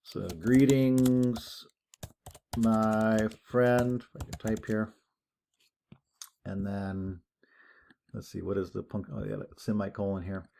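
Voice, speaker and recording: A man teaching an introductory Latin class in a relaxed, conversational lecture, thinking aloud as he goes. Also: lowish voice, creaky. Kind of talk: recorded lecture over screen share.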